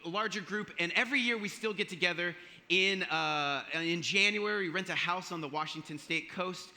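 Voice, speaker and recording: A man's voice: high voice, moderate pace, pushed and bright. A man in his forties giving a casual, joking, storytelling talk as a chapel speaker. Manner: playful, self-joking, conversational. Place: university chapel. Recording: long hall reverb of a chapel.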